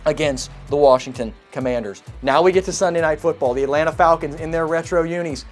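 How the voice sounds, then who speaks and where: Man, sports show host, emphatic, fairly high voice, faint music underneath. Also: quick pace. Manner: energetic, emphatic, repeats key points. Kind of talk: sports preview talk.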